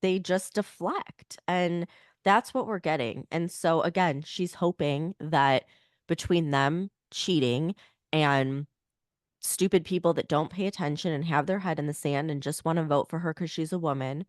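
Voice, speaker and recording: A woman co-hosting a podcast talks in a blunt, opinionated way, full of "like" fillers. Her voice is on the lower side and sounds nasal and strained, as if she is unwell. The recording is close and dry, with no room sound. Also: unhurried, no room sound. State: voice strained from illness. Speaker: podcast co-host. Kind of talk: casual political chat.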